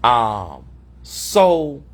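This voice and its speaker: A man's voice: medium pitch, sing-song, extremely slow. A man hosting an unscripted livestream, talking in a sassy, mocking way and calling people honey, from a hotel room. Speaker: host of a livestream commentary show.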